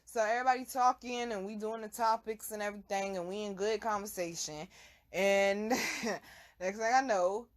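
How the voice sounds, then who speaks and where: A young adult woman telling a casual, animated story full of laughter and profane slang. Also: mid-range voice, normal speed. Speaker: vlog host.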